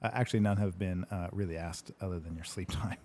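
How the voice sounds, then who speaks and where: Male stream host, low voice, laid-back joking banter, swears freely. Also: steady tone, quick pace, darkish tone. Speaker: livestream Q&A host. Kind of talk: casual livestream chat. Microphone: livestream microphone.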